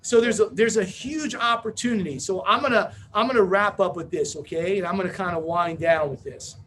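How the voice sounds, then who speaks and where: A man giving a motivational business seminar talk, brash and joking, telling rapid-fire stories to a room. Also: high-pitched, fairly bright tone, slight background noise. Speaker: business opportunity speaker.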